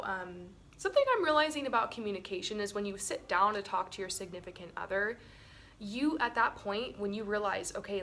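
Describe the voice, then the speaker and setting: A woman's voice: mid-range voice, fairly bright tone, a little hiss or hum. A woman co-hosting a relationship webinar, talking casually with her partner, laughing often and filling her talk with "like" and "um". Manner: chatty, laughs often, many "like" and "um" fillers.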